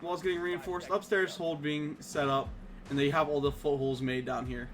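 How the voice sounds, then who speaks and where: A man casting a live esports match with rapid play-by-play and bursts of excitement on big plays. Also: fairly high pitch. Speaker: esports caster.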